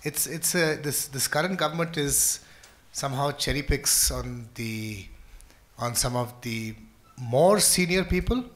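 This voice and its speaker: Indian guy, mp on a tv panel, mid voice, jokey, keeps restarting. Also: mid-range voice. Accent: Indian English. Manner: halting, jokey, many restarts. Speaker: member of parliament, panel guest. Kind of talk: panel debate.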